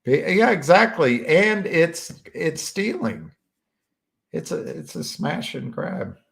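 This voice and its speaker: A man chatting casually as a stream host, halting often and searching for words with many fillers. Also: fairly high pitch, very animated, vocal fry, a bit bright. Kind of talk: casual rambling chat.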